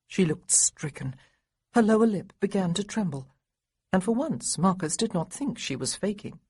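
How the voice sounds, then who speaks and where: Husky, lively woman narrating. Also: fairly low pitch, normal speed, no echo, clean studio sound. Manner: expressive, wry storytelling. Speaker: audiobook narrator. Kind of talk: scripted narration.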